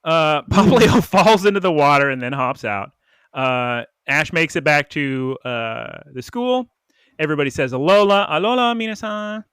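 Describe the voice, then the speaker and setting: Man, podcast co-host, casual recap, animated, slightly high, dry mic. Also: a little slow, smooth, no room sound. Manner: animated, does little voices for characters.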